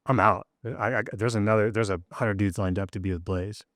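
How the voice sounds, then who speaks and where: A man's voice: steady tone, fairly quick, a bit bright, no echo, studio quality. A man, a rock drummer as guest, telling his story candidly and with emotion, acting out the people he quotes. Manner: emotional, acts out quoted dialogue with rising pitch.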